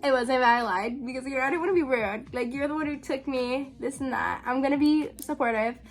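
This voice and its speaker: A woman's voice: sits high, a little fast. A young woman telling a story to her viewers in a casual, chatty way, with lots of "like" and "um". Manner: chatty, full of "like" and "um", laughs often.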